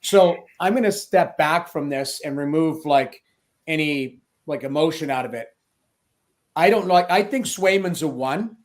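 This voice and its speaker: Brief: middle-aged male guest, slightly higher voice, loose rambling delivery. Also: a little slow. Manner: rambling, thinking aloud with restarts. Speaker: guest, former goalie and broadcaster. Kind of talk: casual podcast chat.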